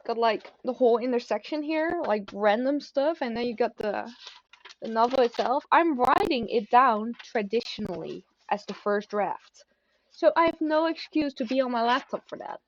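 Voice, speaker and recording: A young woman vlogging at home in a casual, confessional way, rambling and halting with a self-deprecating tone. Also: a little high, expressive, slight background noise. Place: at home, seated at a desk. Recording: dry, slightly dull lo-fi.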